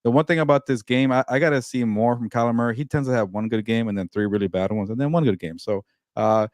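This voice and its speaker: A man's voice: mid-range voice, fast talker, dry recording. Man, sports talk co-host, emphatic rants, dry close sound.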